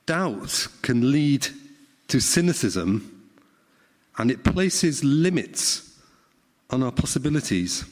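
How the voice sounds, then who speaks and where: A man's voice: mid-range voice, very animated, slow pace, pauses often. A middle-aged man, preaching a sermon in a conversational way and often asking the congregation questions. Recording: long hall reverb.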